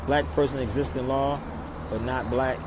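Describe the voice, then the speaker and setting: Man of average pitch, streaming outdoors, lectures his viewers with rhetorical questions, faint street noise behind. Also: steady tone, moderate pace. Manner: preachy, rhetorical questions, swings loud and soft. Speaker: live stream host. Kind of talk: casual live stream talk, answering viewer comments. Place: outdoors in a city neighborhood.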